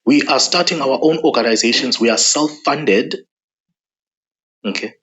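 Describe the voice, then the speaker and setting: A man's voice: mid-range voice, a little slow, dull audio. A man giving an angry political monologue to camera, driving points home by repeating himself. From South Africa. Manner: forceful, repeats lines for emphasis. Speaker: political commentator.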